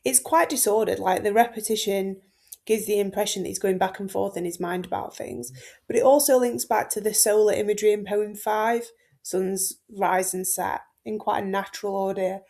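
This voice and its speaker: A woman's voice: medium pitch, fairly even intonation, moderate pace, warm tone. A young woman teaching a Latin set text in a casual, chatty way, with lots of ums and likes and informal asides. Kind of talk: casual exam-focused lesson walkthrough.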